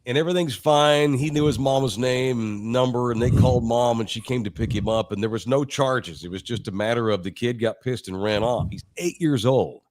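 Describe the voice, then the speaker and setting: A middle-aged man from Texas, co-hosting a sports podcast, telling childhood stories in a profane, animated, laughing way. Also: mid-range voice, brisk, few pauses, no room sound. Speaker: sports radio co-host. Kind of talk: casual podcast storytelling.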